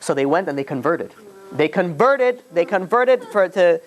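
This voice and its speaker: A man's voice: sits high, animated, normal speed. A man teaching as a rabbi, telling a story informally to a class, with many restarts and asides, and acting out the quotes. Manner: chatty, with frequent restarts and "you know"s, acts out quotes.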